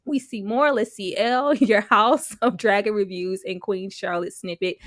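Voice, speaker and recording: A woman's voice: medium pitch, a little slow, no echo, clean studio sound. A woman hosting a casual livestream, reading viewer comments aloud and laughing often. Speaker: host.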